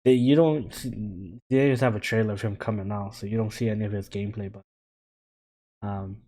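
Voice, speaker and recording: A man's voice: lowish voice, fairly even intonation, fairly quick, mellow. A young man co-hosting a gaming podcast in casual chat, laid-back, swearing and laughing often. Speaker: podcast co-host.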